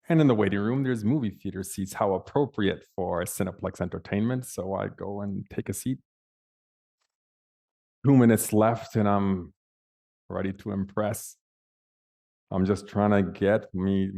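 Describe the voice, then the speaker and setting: Speaking on a panel, a man with a lowish, mellow voice recounts a personal story vividly and dramatically, his emphasis swinging widely.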